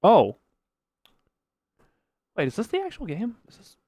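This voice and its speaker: A man streaming live, chatting casually while gaming, excitable and rambling with mild swearing and frequent laughs. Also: sits high, a little slow, vocal fry, no room sound, studio quality.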